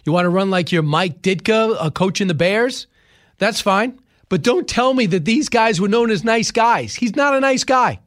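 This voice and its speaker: Male commentary host, high pitch, emphatic, talks in rhetorical questions. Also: animated, moderate pace, fairly bright tone. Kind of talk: opinionated political commentary.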